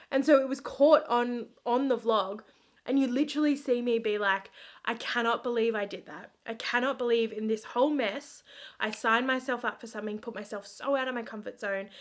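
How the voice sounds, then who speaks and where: A young woman talks straight to her viewers while she does her makeup at home. Her voice sits a little high, and she speaks in an earnest, rambling way, full of "like" fillers and restarts. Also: a bit bright. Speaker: vlogger. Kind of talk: casual get-ready-with-me chat.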